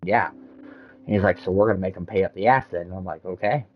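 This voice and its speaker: A man's voice: low-pitched, brisk, lo-fi sound. A man in casual chat, telling long rambling stories full of swearing. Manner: rambling, profane storytelling.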